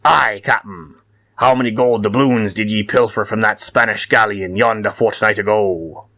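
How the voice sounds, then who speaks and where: A man's voice: fairly low pitch, fairly even intonation, moderate pace, pushed and bright. A man putting on the voice of a swaggering male pirate sailor, in hammed-up pirate talk.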